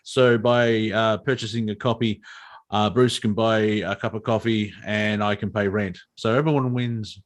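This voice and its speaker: A man's voice: on the low side, steady tone, moderate pace. A man with an Australian accent, co-hosting a casual comedy chat in a rambling, profane, self-mocking way. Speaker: co-host, comedian and audiobook narrator.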